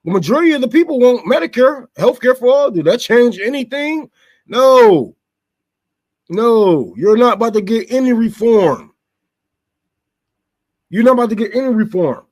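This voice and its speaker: A man with a high voice rants straight to his audience. He fires off rhetorical questions, swears freely and stumbles over repeated words as he goes. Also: expressive, moderate pace, darkish tone. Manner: profane, stammering, rhetorical questions. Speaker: show host. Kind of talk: unscripted political rant.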